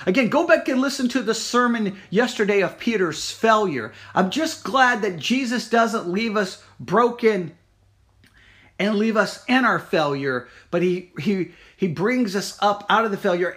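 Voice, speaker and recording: Earnest man asking slow searching questions. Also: sits high, a bit bright. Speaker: pastor. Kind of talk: devotional sermon.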